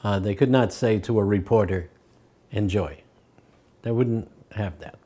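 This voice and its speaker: An older man sharing remembered anecdotes, his voice mellow and dark. He slips into quoted voices and lets a chuckle through as he goes. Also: on the low side, a little slow. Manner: acts out quoted voices, chuckles between stories. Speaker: devotee recalling memories. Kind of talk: anecdotal storytelling.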